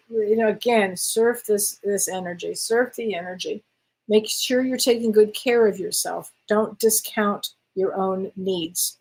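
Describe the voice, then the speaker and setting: The recording is low-quality, but the fairly high voice of an older woman comes through as she, a spiritual medium, reads out viewer questions live and responds casually, laughing frequently.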